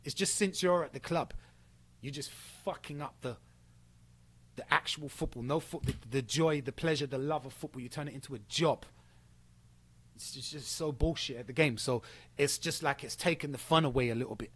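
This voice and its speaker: A man's voice: mid-range voice, normal speed, a bit bright, breathy edge. A young man ranting at someone, confrontational and sweary, repeating himself as he builds his case. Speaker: streamer addressing a former friend. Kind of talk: ranting monologue.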